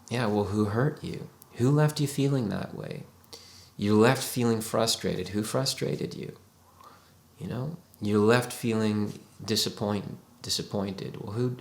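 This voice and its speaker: A male psychotherapist with a lowish, gravelly voice talks to camera in an echoey room, explaining emotions. His manner is reflective and coaxing, and he often voices the questions listeners might be asking themselves.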